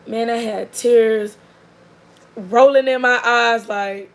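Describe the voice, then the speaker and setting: A woman's voice: a little high, fairly even intonation, takes it slowly, low-quality recording. A young adult woman, chatting casually and animatedly about her child, with lots of fillers. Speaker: mother. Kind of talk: casual storytelling chat. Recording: faint background noise.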